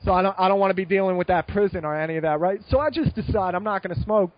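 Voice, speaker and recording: A young American man telling a long story in a casual podcast chat, rambling and animated, with many fillers and restarts. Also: sits high, rapid-fire, no room sound, dull audio. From United States. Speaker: guest.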